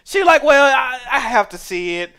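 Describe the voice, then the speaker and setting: Young male streamer, high bright voice, profane animated storyteller. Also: normal speed, clean tone. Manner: profane, animated, rising to exasperated shouting. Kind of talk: casual storytelling rant.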